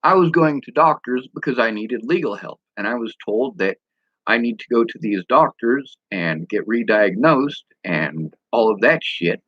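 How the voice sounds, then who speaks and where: A man's voice: mid-range voice, lively intonation, moderate pace, no echo, dull audio. Blunt, profane man vlogging. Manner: mimics speech impediments. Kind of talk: casual direct-to-camera vlog.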